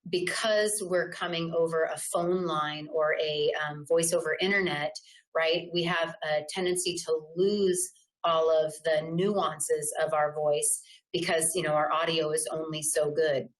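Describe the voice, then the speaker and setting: A woman's voice: deep voice, low-quality recording. A middle-aged woman giving an online communication training, talking informally and often checking in with "right?".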